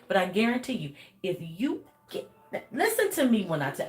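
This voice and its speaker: A woman's voice: medium pitch, huge pitch swings, normal speed. A woman life coach giving an emphatic motivational talk. She repeats her points over and over and laughs often.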